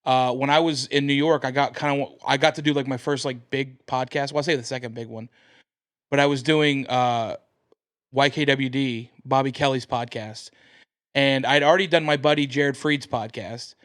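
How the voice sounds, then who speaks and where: A man's voice: medium pitch, normal speed. An American man, a comedian guest on a podcast, telling a long story in casual chat and acting out the people in it. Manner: animated, acts out quoted voices.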